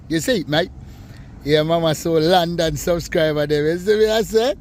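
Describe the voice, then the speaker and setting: A young man with a Jamaican accent bantering playfully with his mother while she cooks, giving shout-outs to viewers. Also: a little high, moderate pace, slight background noise. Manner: playful, joking, shouts out to fans. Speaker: co-host, son of the cook. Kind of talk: casual cooking vlog banter.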